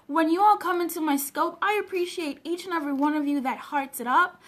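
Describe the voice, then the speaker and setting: A woman from Africa with a high, bright voice, talking earnestly and emotionally on a casual live stream. She coaches people on personal development and answers her viewers' comments straight to the camera, recorded at home on a webcam. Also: brisk, hardly any pauses.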